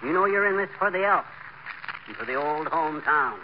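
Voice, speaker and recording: A man's voice: on the high side, expressive, fairly quick, dull audio, close to an everyday voice. An actor playing a blustering, boastful small-town man who talks in a brash, wisecracking, folksy way, in a 1940s radio comedy. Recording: old radio recording with hiss.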